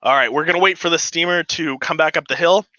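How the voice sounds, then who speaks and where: A man hosting a casual home livestream, chatting and rambling with lots of fillers, excited and a bit giddy. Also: a little high, fast, no room sound, muffled recording. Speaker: livestream host. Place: home model railroad room.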